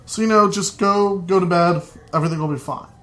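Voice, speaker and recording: A man's voice: sits high, fairly quick, a bit bright. A young man telling a funny family story on stage, chatty and laughing at his own lines. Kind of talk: live comedic storytelling.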